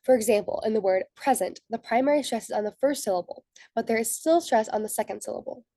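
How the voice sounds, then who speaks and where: A woman's voice: on the high side, fast talker, dark tone, no echo. A young woman, a student, giving a methodical scripted slide presentation for a class. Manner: methodical, reads from prepared notes.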